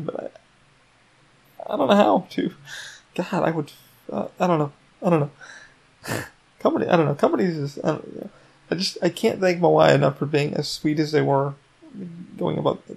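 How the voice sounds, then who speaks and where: A man hosting his own podcast, rambling excitedly and swearing often, with many restarts. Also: high-pitched, vocal fry, breathy edge. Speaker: podcast host. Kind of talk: casual solo podcast rant.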